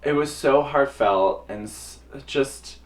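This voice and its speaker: Animated young man telling a story. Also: slow pace. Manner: animated, acts out quoted voices with big pitch jumps. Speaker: drag performer telling a personal story. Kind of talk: casual storytelling to camera. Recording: voice a little distant from the mic.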